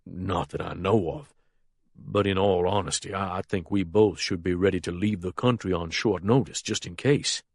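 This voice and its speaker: A man's voice: deep voice, fairly even intonation, moderate pace, vocal fry, no echo, clean studio sound, voice pushed down. A man reading as a nervous older man who speaks hesitantly and deferentially in an audiobook. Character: nervous older male lawyer type, anxious.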